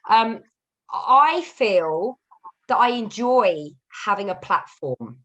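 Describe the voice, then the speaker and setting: A woman's voice: mid-range voice, lively intonation, slow, fairly bright tone. A woman co-hosting a podcast, asking thoughtful questions in casual chat. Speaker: podcast co-host.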